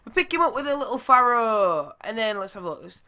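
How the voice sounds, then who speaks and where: Young male gamer, high bright voice, swears and yelps, squeaky when excited. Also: a little fast. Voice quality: goes squeaky when yelling. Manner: excitable, shouts and swears at the game. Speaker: gaming YouTuber. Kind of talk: live gameplay commentary.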